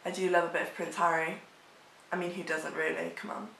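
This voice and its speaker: A woman's voice: fairly low pitch, fairly even intonation, brisk, creaky, fairly bright tone, slight background noise. Woman, young adult, vlogger, chatty and rambly, casual chat, roomy echo. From England. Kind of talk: casual chat answering tag questions.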